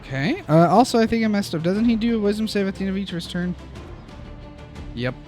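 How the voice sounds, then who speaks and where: A man narrating as game master of a tabletop game, halting and laughing often. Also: high voice, animated, darkish tone, soft background music.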